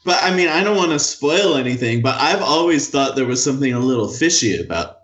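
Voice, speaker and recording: A man speaking as a guest on a casual podcast, talking haltingly with lots of restarts and fillers. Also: medium pitch, expressive, fairly bright tone. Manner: halting, hesitant, many restarts. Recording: roomy, dull lo-fi.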